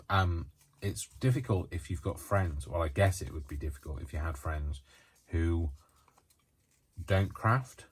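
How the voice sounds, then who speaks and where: A man's voice: deep voice, breathy edge. A man chatting casually to the camera while he crafts, rambling and hesitant with lots of ums and restarts, and yawning now and then. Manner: yawns often while talking. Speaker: craft vlogger.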